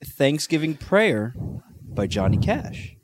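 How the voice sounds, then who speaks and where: A man's voice: a little high, very animated, takes it slowly, slight background noise. A man co-hosting a podcast, laid-back in casual chat with brief replies. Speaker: podcast co-host.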